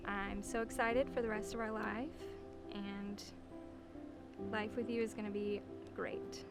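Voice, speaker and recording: A woman's voice: mid-range voice, little pitch movement, a little slow, loud music behind the voice. A young woman, the bride, giving an earnest, heartfelt wedding toast.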